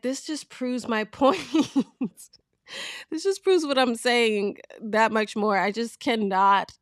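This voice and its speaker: Animated woman hosting her own talk show. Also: medium pitch, dry recording, studio quality. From Virginia, USA. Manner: animated, frank, laughs while telling stories. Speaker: show host. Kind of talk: casual talk-show commentary.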